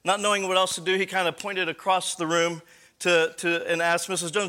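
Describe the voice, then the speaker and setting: A man's voice: high-pitched, level tone, fairly quick, bright, forceful tone. A man giving a live conference talk on church leadership, lecturing conversationally with rhetorical questions and frequent self-corrections.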